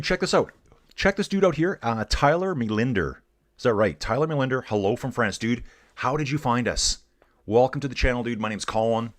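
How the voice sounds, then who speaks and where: A middle-aged man from Canada hosting a live cycling stream, chatting casually and excitedly with viewers while commenting on the race. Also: fairly low pitch.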